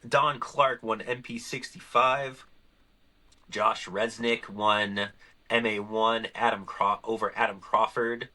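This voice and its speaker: A man's voice: fairly low pitch, takes it slowly. A man hosting a podcast, telling stories in a loose, chatty way and acting out the conversations. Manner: animated storyteller acting out conversations. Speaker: podcast host. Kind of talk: casual podcast chat.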